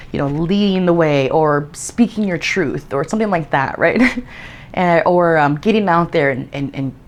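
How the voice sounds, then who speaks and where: A young woman with a low-pitched voice talks through her tarot routine in a loose, chatty vlog style. She fills her sentences with "like" and "um" and drops in a casual swear word now and then. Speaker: tarot content creator.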